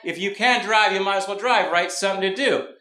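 Speaking in a high, bright, forceful voice at a brisk clip, this Mountain View, California comic rambles through self-deprecating material before a live club crowd. Background noise fills the roomy recording.

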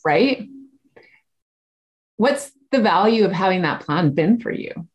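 A woman's voice: lowish voice, expressive, takes it slowly, highs cut off. Candid, swearing woman podcast host. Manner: candid, swears freely, many "like" and "right?". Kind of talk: casual interview.

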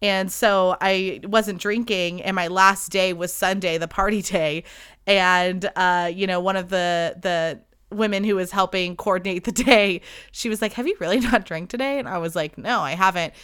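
A young woman talks through a casual solo podcast, animated and chatty, laughing often. Her voice is bright and crisp, smooth and clear. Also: fairly low pitch, a little slow. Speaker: podcast host.

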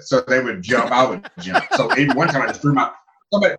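Animated man telling travel stories. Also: quick pace, noisy background. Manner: animated, acts out people with big pitch jumps. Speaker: guest who lived in China. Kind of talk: casual storytelling chat.

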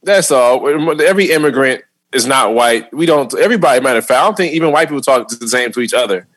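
A man in his thirties co-hosting a casual comedic chat, animated and profane, often laughing and mimicking other people's voices. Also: medium pitch, quick pace, dry recording. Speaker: podcast co-host.

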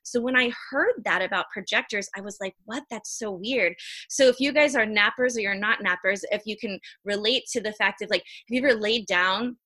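A high-energy woman with a bright, forceful voice talks earnestly as a guest in a relaxed interview. She moves along quickly and keeps her tone lively. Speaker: human design reader, podcast guest. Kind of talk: casual interview chat.

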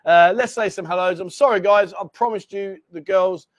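High-voiced chatty man. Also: moderate pace, dry recording. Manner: chatty, apologetic, banters. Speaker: livestream host. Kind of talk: casual livestream chat. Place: bar.

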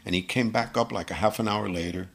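Gravelly husky guy spinning a story in an interview, does the voices. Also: lowish voice, fast talker. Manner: animated storyteller acting out quoted voices. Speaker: guest musician.

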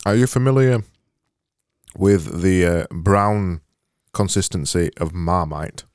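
A man's voice: low-pitched, slow pace, a little mellow, clear, resonant tone, no room sound, studio quality. A man co-hosting a casual podcast chat, teasing his friend playfully. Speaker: podcast co-host.

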